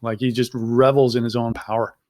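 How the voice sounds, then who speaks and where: A man's voice: medium pitch, flat delivery, a little fast, a little mellow. A man with a mid-range voice talks through his views on a podcast. He speaks fluently and reflectively, in a casual tone. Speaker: podcast co-host. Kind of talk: casual discussion.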